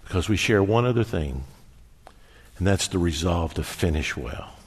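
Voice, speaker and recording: Pastor, man in his sixties, low voice, lively storytelling sermon, long hall reverb. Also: normal speed, husky. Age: 60s. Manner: storytelling, animated, folksy humor.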